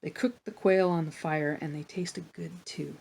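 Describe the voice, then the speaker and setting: A woman reading a children's Bible story aloud for a church, in a plain, gentle storytelling manner with small asides. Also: low-pitched, steady tone, normal speed, vocal fry, breathy edge.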